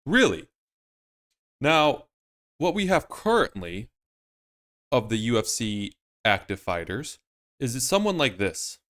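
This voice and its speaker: A man hosts his own commentary video, with a rambling, emphatic, opinionated delivery. His voice sits at an everyday middle pitch. He hammers his points home and circles back to them. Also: very animated, slow pace, pauses often, a bit bright. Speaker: MMA YouTuber host. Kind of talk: casual commentary.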